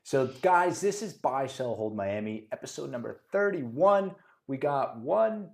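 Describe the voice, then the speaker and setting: A man moderating a real estate podcast, joking around and explaining things in a casual, lively way. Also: on the high side, a little slow, gravelly, few pauses. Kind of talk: casual chat. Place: studio.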